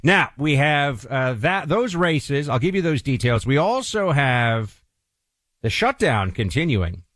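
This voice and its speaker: A man hosting a political talk show, delivering commentary in a halting way, full of restarts and uhs, with pitch that jumps up for emphasis. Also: very animated, fairly bright tone, no room sound, clean studio sound. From New York City. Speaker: radio talk show host.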